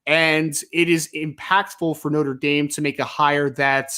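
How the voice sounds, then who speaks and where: Easygoing man with a slightly high voice. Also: level tone, a little slow, bright, forceful tone, clean tone. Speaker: podcast co-host. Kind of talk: casual sports podcast chat.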